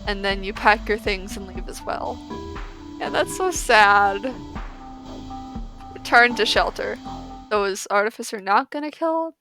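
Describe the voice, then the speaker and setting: A woman playing a text-based game, reading its passages aloud and giggling through casual reactions in between. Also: mid-range voice. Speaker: let's player.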